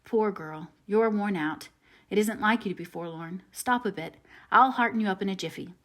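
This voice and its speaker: A woman reading the part of a kind, boyish teenage boy in an audiobook, in her own voice, earnest and quick when excited. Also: medium pitch, natural voice. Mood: comforting.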